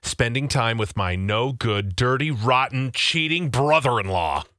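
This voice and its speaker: Male radio co-host, jokey banter, bright lively voice, dry sound. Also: mid-range voice, no room sound. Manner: jokey, quick to laugh. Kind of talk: morning radio banter reading listener messages.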